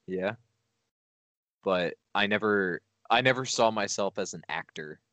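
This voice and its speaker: A man's voice: lowish voice, a little slow, fairly bright tone, no echo. A young man in a casual group chat, laid-back and hesitant, often laughing.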